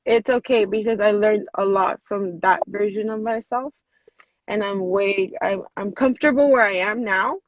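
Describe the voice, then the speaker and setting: A woman's voice: medium pitch, moderate pace, no echo. Chatty woman telling her story on a video call. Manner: animated, many "like" fillers, acts out quotes. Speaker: guest. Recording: dull lo-fi video call audio.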